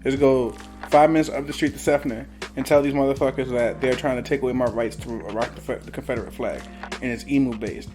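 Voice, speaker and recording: A man's voice: medium pitch, fast talker, music in the background. A man co-hosting a podcast in casual chat, a brash storyteller who swears freely. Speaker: podcast co-host.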